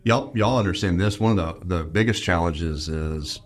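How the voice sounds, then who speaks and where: A man's voice: low voice, moderate pace. A man who runs a podcast studio, chatting casually as a guest on a podcast and explaining things with plenty of fillers. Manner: talkative, explains with many fillers. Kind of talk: casual chat.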